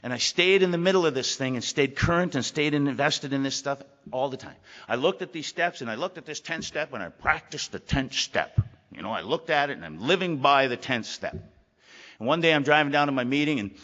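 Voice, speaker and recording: This lo-fi hall recording catches a middle-aged man at a recovery meeting talking candidly and at length about himself, often saying things twice. He speaks at medium pitch with a slightly bright tone.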